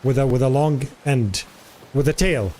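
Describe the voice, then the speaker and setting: Male streamer, casual live chat, mid-pitched voice, repeats words to practice, faint background noise. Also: normal speed, a little mellow. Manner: curious, chatty, repeats words aloud to practice pronunciation.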